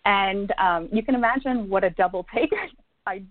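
A woman's voice: mid-range voice, moderate pace, no echo. Indiana woman telling a story as a psychic guest, lots of ums, thin phone-like sound, dry. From Indiana, USA. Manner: warm storytelling with laughs and fillers. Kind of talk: storytelling in an interview. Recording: tinny phone-like line, dry.

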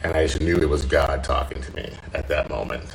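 A deep-voiced man with a gravelly edge tells a heartfelt personal story in an earnest, halting manner, restarting phrases and repeating words. Faint hiss sits under his voice. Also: fairly even intonation, rough recording. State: choked up, tearful. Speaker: podcast host.

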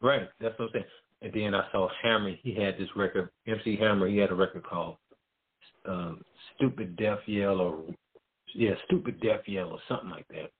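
A man's voice: lowish voice, steady tone, moderate pace, husky. A middle-aged man, a music promoter, telling a story as a guest in loose, slangy casual talk. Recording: tinny phone-like line.

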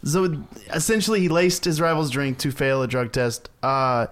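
A man's voice: a little high, normal speed. A man co-hosting a comedic sports podcast, introducing topics in a hesitant, self-deprecating way. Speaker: podcast co-host reading topics. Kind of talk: casual comedic sports chat.

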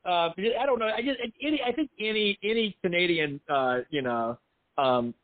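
A middle-aged man with a slightly high voice rambles through an interview, restarting his sentences and putting himself down. His voice comes over a thin, phone-like line. The sound is dry and close. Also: normal speed, dry recording. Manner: rambling, self-deprecating, many restarts. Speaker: film writer and director. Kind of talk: casual interview talk.

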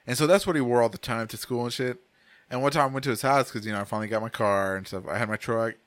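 A man's voice: medium pitch, fast, a bit bright, no room sound. A young adult man casually telling a crude story on a podcast, swearing a lot and laughing through it. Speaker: podcast co-host.

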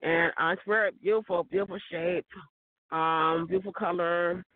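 Hoarse woman rambling on a tinny line. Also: fairly low pitch, expressive, moderate pace. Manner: rambling, chuckles often, repeats words. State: hoarse from a cold. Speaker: vlogger. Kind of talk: casual rambling monologue. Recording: tinny phone-like dry recording.

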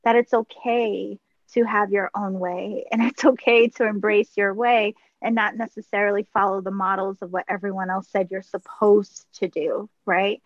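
A woman's voice: medium pitch, little pitch movement, normal speed, few pauses. A woman hosting a podcast, guiding the interview in an encouraging, reflective way. Her audio is slightly muffled and dull, with no room echo. Her voice sits in the middle range. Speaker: podcast host. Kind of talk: interview conversation.

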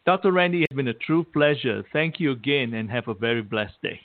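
A man hosts a talk radio show, polite and formal as he asks questions and signs off. His voice is at a middling pitch. It sounds thin and phone-like, with no room sound at all. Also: animated, a little fast, no echo. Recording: dry, tinny phone-like sound.

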